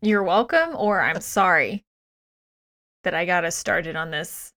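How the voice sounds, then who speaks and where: A woman's voice: on the low side, unhurried, fairly bright tone, no echo, clean studio sound. A woman guesting on a podcast, chatting casually in a wry, self-deprecating way.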